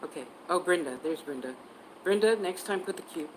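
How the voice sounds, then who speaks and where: Chatty psychic woman, low voice. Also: lively intonation, fairly quick, a little hiss or hum, rough recording. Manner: chatty, answers viewer comments, spells words out. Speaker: psychic reader on a livestream. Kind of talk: casual livestream chat.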